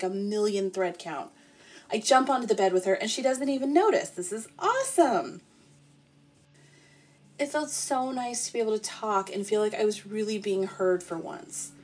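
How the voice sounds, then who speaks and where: A woman narrating a playful, deadpan comic sleep story in the first person. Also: medium pitch. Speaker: podcast storyteller.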